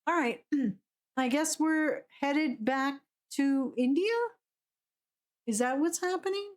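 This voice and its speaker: A woman's voice: high voice, takes it slowly. A woman streaming a game live, chatting casually and ranting animatedly with frequent laughs. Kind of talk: casual live gameplay commentary.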